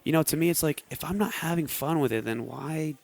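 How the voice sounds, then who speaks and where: A man's voice: on the high side, brisk, creaky, no room sound. A young American man, a guest athlete, chatting casually on a podcast and acting out quotes as he tells stories. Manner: animated storyteller acting out quotes.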